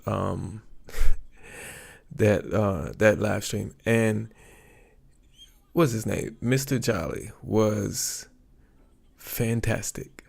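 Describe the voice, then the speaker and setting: A man hosting his livestream in a relaxed, rambling way, often pausing to search for words. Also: on the low side, creaky. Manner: rambling, chatty, searches for words with many ums. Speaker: YouTube livestream host. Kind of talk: casual livestream chat.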